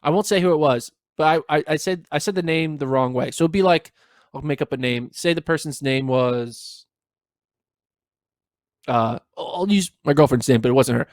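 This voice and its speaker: A man with a Northeastern Pennsylvania accent talks in loose podcast banter, his voice sitting a bit high for a man. He gets animated and defensive, tripping over restarts. The sound is dry and close. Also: moderate pace, dry recording. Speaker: podcast co-host. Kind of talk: casual banter.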